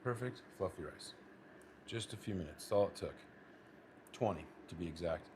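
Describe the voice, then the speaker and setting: A man's voice: deep voice, animated, moderate pace, noisy background. A young man from the United States chatting casually while plating food in his home kitchen, talking to his partner and viewers. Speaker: cooking vlogger. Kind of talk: casual cooking vlog.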